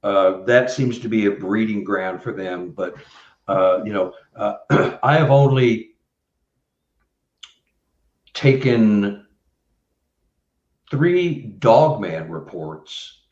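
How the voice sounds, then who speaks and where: Rambling interview guest from Missouri on a video call, roomy and muffled. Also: male voice, on the low side, lively intonation, takes it slowly, pauses often, a little mellow. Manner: rambling, with many fillers. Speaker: guest researcher. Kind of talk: casual interview talk.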